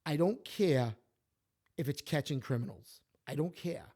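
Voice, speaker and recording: A man, co-hosting a podcast, telling stories and opinions in an animated, emphatic way. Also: on the high side, measured pace. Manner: animated, emphatic, repeats himself. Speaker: podcast co-host. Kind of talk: casual opinionated storytelling.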